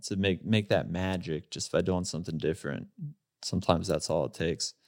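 A man in his thirties, a guest in a casual interview, telling stories in a relaxed way with lots of fillers and laughs. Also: deep voice, normal speed, no room sound, studio quality. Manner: relaxed storyteller, laughs often, many fillers.

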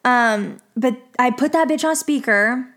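Young woman vlogger, a bit high, chatty storytime with lots of "like", swears freely. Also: a little slow, fairly bright tone. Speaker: vlogger telling a work story. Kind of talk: casual storytime monologue.

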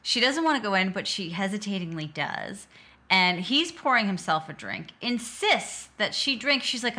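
A woman co-hosting a podcast, recapping a film in casual chat, quick to agree and act out the quotes. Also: mid-range voice, sing-song, sharp tone. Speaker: podcast co-host.

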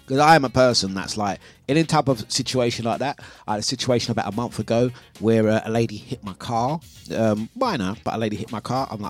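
A man, hosting a breakfast radio show and telling a story in a lively, casual way, acting out his own quotes. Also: mid-range voice, fast talker, soft background music. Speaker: radio host. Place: radio studio.

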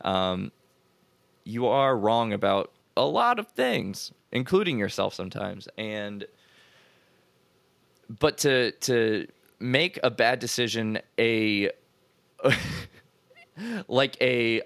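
A man's voice: on the low side, animated, slow, creaky, pauses often, fairly bright tone, dry recording. A man co-hosting a podcast in casual, reflective chat, laid-back and swearing casually.

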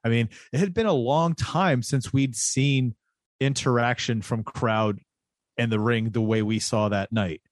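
A man co-hosting a casual wrestling chat, talking in quick animated bursts with frequent restarts. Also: medium pitch, no echo. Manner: animated, restarts often, slips into comic voices.

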